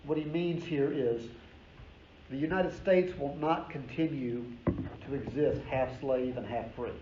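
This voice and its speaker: A man's voice: mid-range voice, a little slow, background noise. Male history professor, emphatic storytelling lecture, casual asides, roomy dull recording. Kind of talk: classroom lecture.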